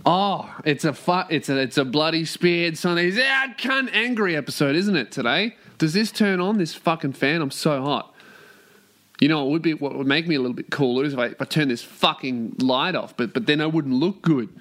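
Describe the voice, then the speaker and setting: A man's voice: fairly high pitch, moderate pace, fairly bright tone. A man hosting a solo podcast, ranting and swearing, then turning it on himself. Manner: ranting, sweary, self-deprecating. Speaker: podcast host. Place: warehouse.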